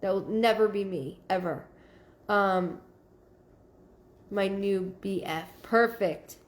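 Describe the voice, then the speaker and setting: Female medium, live-stream host, casual and halting, greets viewers by name. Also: mid-range voice. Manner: thanks viewers by name and relays messages in a searching, halting way.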